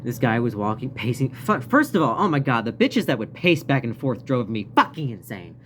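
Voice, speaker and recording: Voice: medium pitch, sing-song, fairly quick, a little hiss or hum. A vlogger telling a story in a casual, rambling rant, swearing often and laughing now and then. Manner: profane, rambling, frequent laughs.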